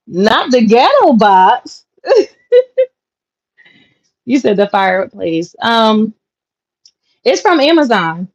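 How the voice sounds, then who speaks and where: A woman's voice: mid-range voice, dry recording. Casting: young woman, laughing livestream host, dull dry home mic audio. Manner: chatty, laughs often, talks to viewers directly. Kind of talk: casual live chat reading comments.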